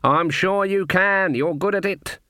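A man playing a stern, proud old witch woman who speaks slowly and coolly. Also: lowish voice, fairly bright tone, dry recording, clean studio sound, pitched above the performer's own voice. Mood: calm. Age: older. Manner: cool, unyielding, slow deliberate speech.

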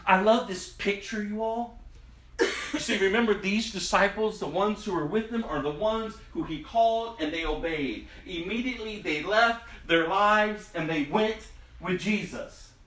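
A man's voice: high-pitched, a little slow, fairly bright tone. A man preaching a sermon in a dramatic, emphatic way, his voice rising and falling sharply. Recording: echoey room, distant mic.

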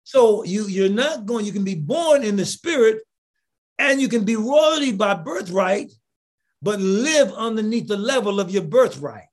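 Man, preacher, high husky voice, emphatic sermon, rhetorical questions. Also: lively intonation, unhurried. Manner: bursts into shouted emphasis. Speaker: bishop, preacher. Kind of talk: impassioned preaching.

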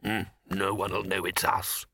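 A man's voice: low-pitched, completely flat delivery, measured pace, gravelly, pushed and bright, dry recording, pitched below the performer's own voice, full character voice. A man doing a dry, weary old wizard. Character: weary, exasperated senior male wizard.

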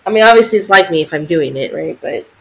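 A woman's voice: deep voice, animated, fast, a bit bright, slightly rough. Chatty woman podcast co-host. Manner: chatty and sympathetic, many fillers. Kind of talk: casual chat.

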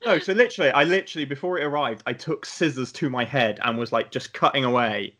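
A young British man rambles through a casual chat, often losing his thread. His voice is bright and forceful at a middle pitch. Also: fast talker. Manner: rambling, drifts off on tangents. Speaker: podcast co-host.

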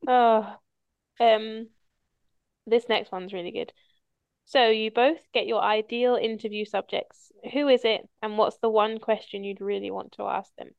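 A woman's voice: on the high side, fairly even intonation, unhurried, gravelly, clear, resonant tone, no echo, highs cut off. A woman hosting a podcast, telling stories in casual chat and swearing freely. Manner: chatty storyteller, swears casually. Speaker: podcast host.

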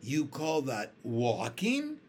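A man's voice: high voice, very animated, slow pace, a little hiss or hum, exaggerated voice. A man voicing a boastful, vain centipede in a storybook reading, proud and bickering. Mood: scornful.

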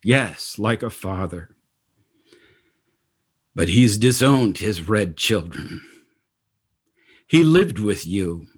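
A man voicing a defiant old tribal chief who speaks bluntly and bitterly, in measured phrases. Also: fairly low pitch, expressive, husky, exaggerated voice. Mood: sorrowful.

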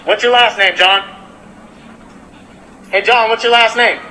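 On a residential street, a delivery worker films himself on his phone while confronting someone, angry, profane and relentless. His voice sits very high for a man with a sharp, piercing edge, fairly even intonation and an unhurried pace. The audio is poor, with a faint hum of street noise behind him.

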